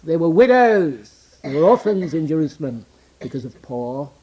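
A man preaching a sermon, swinging between loud declamation and hushed near-whisper, quoting scripture in old-fashioned wording. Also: on the high side, very animated, normal speed, slightly rough, muffled recording.

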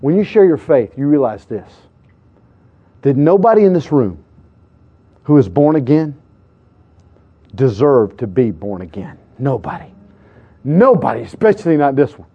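A male pastor preaching a sermon through personal stories, swinging between loud exclamations and hushed asides. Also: medium pitch, very animated, normal speed, pauses often, husky, highs cut off. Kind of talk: sermon with storytelling.

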